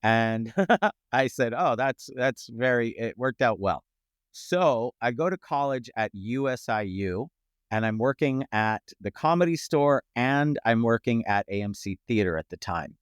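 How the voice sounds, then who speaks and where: A middle-aged man, a comedian guest on a podcast, telling lively anecdotes and acting out what people said. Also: medium pitch, unhurried, smooth, no echo, studio quality. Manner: animated anecdotes, acts out quoted voices. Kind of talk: casual storytelling chat. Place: podcast studio.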